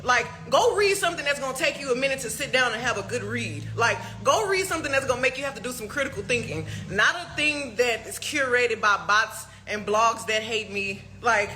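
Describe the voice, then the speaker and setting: Woman, high and sharp, venting in a profane rant with rapid rhetorical questions and laughing asides. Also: animated, faint music behind. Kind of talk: heated social media rant.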